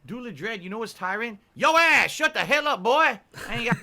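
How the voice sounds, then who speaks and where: A man playing a loud chicken colonel on a livestream, drawling and calling everyone boy. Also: extremely high pitch, big pitch swings, fairly quick, creaky, full character voice. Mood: mocking. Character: loud southern fried-chicken colonel, bossy old man. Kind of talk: livestream clip in costume character.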